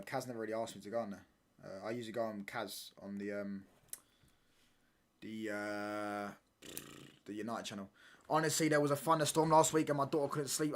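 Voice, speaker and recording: A man, chatting casually on a football watchalong stream and often asking "do you get what I'm saying?". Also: mid-range voice. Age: 20s. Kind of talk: casual live-stream chat.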